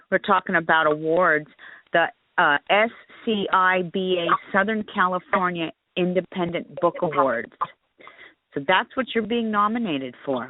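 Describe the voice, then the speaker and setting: A woman's voice: fairly low pitch, dry recording. A woman hosting a talk radio show, chatting casually and gushing over her guest. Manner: gushing, chatty, warm-hearted asides. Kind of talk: casual phone interview chat. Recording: tinny phone line with faint hiss.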